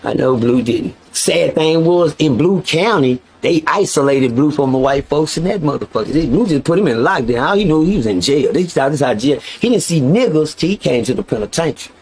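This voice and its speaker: A man spinning a story in loose, casual talk, cursing freely and speaking straight to his audience. His voice sits a touch higher than most men's, and he swings his delivery around as he gets worked up. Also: fairly quick, few pauses, husky. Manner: profane, animated, addresses listeners directly.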